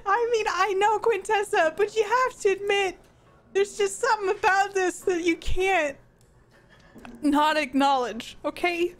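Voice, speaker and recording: A woman's voice: very high-pitched, unhurried, rough recording. A woman streamer giving live commentary on a game, laughing hard and exclaiming at the screen. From US East Coast.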